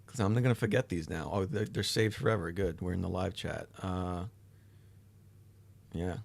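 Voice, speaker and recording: A man's voice: low voice, fairly even intonation, moderate pace, creaky. A tired man hosting a livestream, chatting casually with his chat, rambling and swearing now and then. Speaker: livestream host. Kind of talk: casual chat reading live chat.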